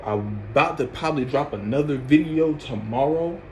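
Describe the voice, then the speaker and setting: Young man, casual storytime vlogger, lively, acts out his reactions. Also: normal speed, a little hiss or hum. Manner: animated storyteller, acts out his own reactions with loud high outbursts and laughs.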